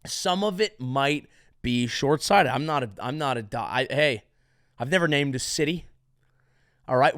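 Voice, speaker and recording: A man's voice: mid-range voice, a little slow, a bit bright, clean tone, no echo, clean studio sound. A male comedian hosting a podcast, delivering a sarcastic, rambling monologue full of restarts and mock-grand declarations. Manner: sarcastic, rambling, self-interrupting.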